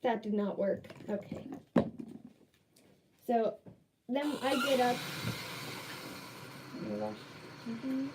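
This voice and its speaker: A woman's voice: on the high side, wildly swooping pitch, slow pace, long pauses, very noisy. A young woman chatting casually in a vlog, rambling and exasperated with lots of fillers. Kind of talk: casual vlog chat while dyeing hair.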